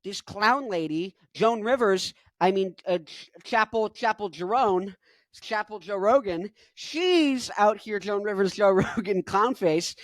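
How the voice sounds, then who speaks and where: A man in his twenties giving rambling, jokey reaction commentary, jumping into loud bursts. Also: high voice, unhurried, no echo. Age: 20s. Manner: rambling, jokey, goes off on tangents. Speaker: rock musician reacting to a video.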